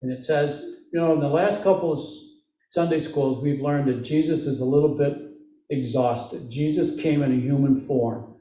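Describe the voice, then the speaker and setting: A man's voice: mid-range voice, steady tone, moderate pace, mellow. A man with a Midwestern American accent giving a conversational sermon, full of questions to the congregation and joking asides. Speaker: lay preacher. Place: church sanctuary. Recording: echoey church room, mic at a distance.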